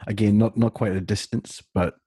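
A man co-hosting a podcast with a very low, husky voice. His comebacks come dry and joking in relaxed chat. The recording is close and dry. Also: normal speed, dry recording. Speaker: podcast co-host. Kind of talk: casual chat.

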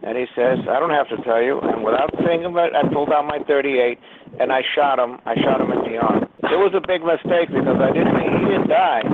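A man's voice: medium pitch, brisk, heavy background noise. A man hosting a prank call-in, ranting with menacing, profane threats. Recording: tinny phone line.

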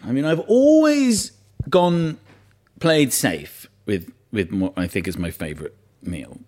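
A man, a guest telling funny stories in casual chat over a meal and laughing as he talks. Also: a little high. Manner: lively storyteller, laughs through his stories.

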